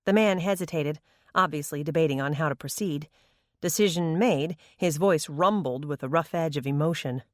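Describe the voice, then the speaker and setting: Female audiobook narrator: measured, even, dry close read. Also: sits low, dry recording.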